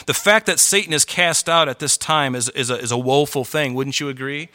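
A man's voice: medium pitch, brisk, hardly any pauses, sharp tone. A male pastor delivering a sermon to a congregation, conversational and worked up, driving his points home with emphatic repetition. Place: church hall with congregation.

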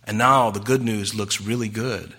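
A pastor preaches a sermon in a bright, forceful voice that sits on the low side, with a steady tone and moderate pace. He speaks conversationally to the congregation, repeatedly posing rhetorical questions and acting out the voices of the people in his stories.

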